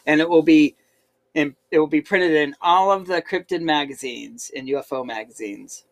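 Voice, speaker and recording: A woman in her forties hosts a podcast from her home, her voice sitting a little low for a woman. She talks in a loose, playful way and teases the people she is chatting with. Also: normal speed. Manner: playful, teasing. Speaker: podcast host. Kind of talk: casual family chat. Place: at home, indoors.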